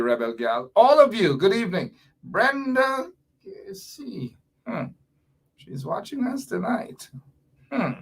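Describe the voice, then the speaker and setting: A man hosting a live political talk show, chatty and animated with laughing asides. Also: medium pitch. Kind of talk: casual live-show chat.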